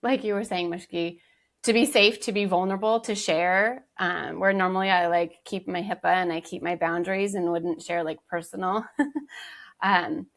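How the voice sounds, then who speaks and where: A woman's voice: fairly low pitch, fairly even intonation, normal speed. A woman guest on a casual podcast chat, an energy healer telling her story in a careful, reflective way.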